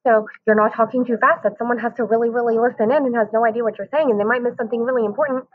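Woman teacher, fairly high voice, lively delivery, lo-fi phone-like recording. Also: rapid-fire, husky. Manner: animated, talks straight to the kids. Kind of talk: recorded class lesson for children. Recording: tinny phone-like audio.

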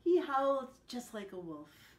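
A woman telling a picture-book story to children, animated and asking them questions along the way. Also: on the high side, a little slow. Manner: animated, asks the listeners questions. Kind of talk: picture-book read-aloud. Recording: echoey room.

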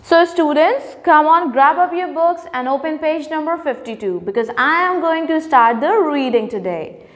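A woman teacher reading a story aloud to children in an online class, slow and careful, explaining words simply. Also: sits high, expressive, a bit bright, long reverb tail.

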